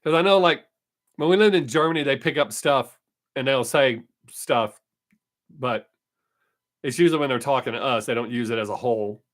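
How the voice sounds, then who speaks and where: A man's voice: mid-range voice, normal speed, long pauses. A man hosting his weekly live stream, chatting casually and answering viewer comments, brushing off critics. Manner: dismissive of critics.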